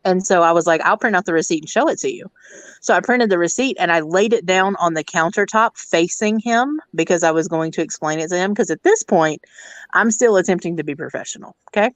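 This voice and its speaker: A woman's voice: on the low side, a little fast, no echo. Blunt woman telling a profane story. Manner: blunt, profane, animated retelling. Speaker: hotel district manager. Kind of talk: casual storytelling rant.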